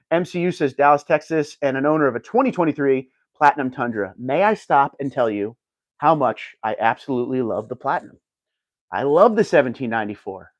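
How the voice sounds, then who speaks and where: Man, livestream host, chatty, reads comments aloud, mid pitch, dry close sound. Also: no room sound. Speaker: livestream host reading chat. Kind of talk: casual livestream chat.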